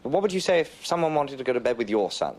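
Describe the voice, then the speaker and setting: An actor playing an earnest, worried Victorian friend who pleads with a close companion. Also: male voice, mid-range voice, sing-song, fast, a little mellow, a little hiss or hum, lightly acted.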